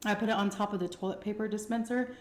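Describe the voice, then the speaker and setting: A young woman vlogger casually telling a personal story while eating, animated and swearing freely. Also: mid-range voice, quick pace, roomy sound, a little hiss or hum. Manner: animated, conversational, acts out quotes, swears freely.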